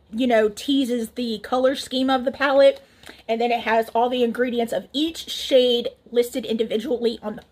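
A woman talking casually to camera as a makeup reviewer, chatty and laughing often, her cheek swollen. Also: high-pitched. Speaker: beauty reviewer.

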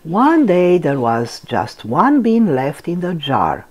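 An older woman hosting a storytime channel, reading a picture book aloud to children in a gentle, expressive way. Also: low-pitched, takes it slowly.

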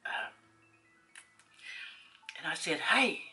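Chatty woman, low voice. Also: a little slow, fairly bright tone, soft background music, low-quality recording. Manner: chatty, rambling, laughs often. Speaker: vlogger. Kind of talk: casual storytelling to camera.

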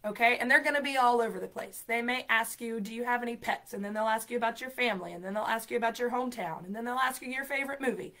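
A woman's voice: on the high side, quick pace, hardly any pauses, bright, forceful tone. Upbeat, encouraging woman teaching live. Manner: talks straight to viewers, reads out comments. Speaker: ESL program coordinator. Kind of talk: live-streamed lesson.

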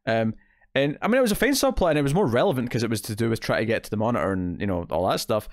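A man's voice: medium pitch, lively intonation, very fast, no echo, clean studio sound. A man co-hosting a podcast, chatting casually about TV episodes, rambling with fillers and quoted asides. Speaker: podcast co-host. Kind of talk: casual TV review chat.

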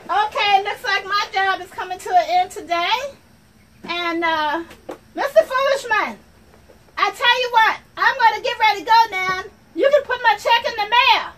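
A woman's voice: very high voice, unhurried, fairly bright tone, slight background noise. A woman performing a comic monologue as an office worker, sassy and repetitive, talking straight to the audience. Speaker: comedy sketch performer. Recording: voice from far off the mic, faint ambience.

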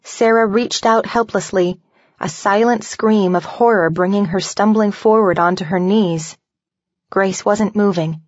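Woman reading an audiobook, even and measured, mid pitch, dry and a bit dull. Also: no echo. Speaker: audiobook narrator. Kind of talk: scripted novel narration.

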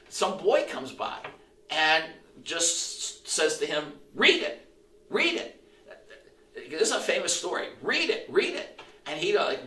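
Middle-aged male pastor, bright and forceful. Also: medium pitch. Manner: animated storyteller who acts out quotes and restarts phrases. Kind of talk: sermon storytelling. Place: church sanctuary. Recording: roomy echo, voice from a distance.

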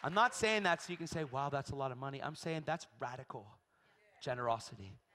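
Animated male preacher with a lively, swinging delivery, recorded in a big echoing hall. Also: medium pitch, a little fast, some chatter behind. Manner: animated storytelling, acts out voices, shrieks in quotes. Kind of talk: sermon. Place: large church hall. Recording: long hall reverb.

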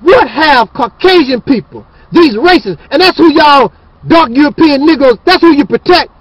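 A man's voice: very high voice, lively intonation, moderate pace, no room sound, muffled recording. A man hosting his channel, ranting in a fiery, preachy and scornful monologue. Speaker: channel host.

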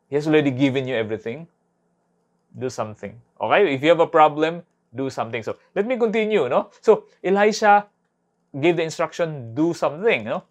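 Preaching man. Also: fairly high pitch. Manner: conversational preaching, tag questions "no?". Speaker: pastor. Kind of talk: online sermon. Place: home or church online service.

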